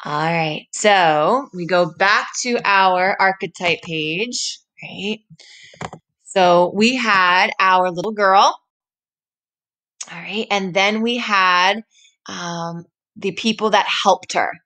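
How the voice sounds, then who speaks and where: A woman teacher reading a story aloud and pausing to explain it to her class, often checking in with "right?". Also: mid-range voice, sharp tone.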